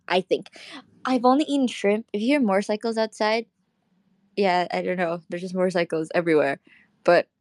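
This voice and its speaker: A woman's voice: fairly high pitch, no room sound. A young woman from Indonesia chatting casually in a live audio room, rambling, swearing freely and laughing often. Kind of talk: casual chat.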